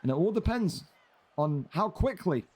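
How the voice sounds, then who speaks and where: Male fight caller, slightly high voice, congested nose, fast energetic play-by-play that climbs to shouts. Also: husky. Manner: energetic play-by-play, rising to shouts on big hits. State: stuffy blocked nose. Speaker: fight commentator. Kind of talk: video game fight play-by-play commentary.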